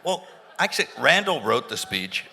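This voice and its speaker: A man's voice: medium pitch, sing-song, normal speed, gravelly, pushed and bright. A man guest telling rambling anecdotes on stage in front of a live audience, with many restarts and bursts of laughter. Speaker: interview guest. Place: large hall with a live audience. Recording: stage hall with reverb, faint noise.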